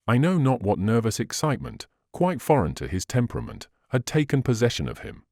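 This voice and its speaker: A man with a fairly low voice narrates a classic novel as an audiobook, telling the story expressively. The recording is dry and of studio quality.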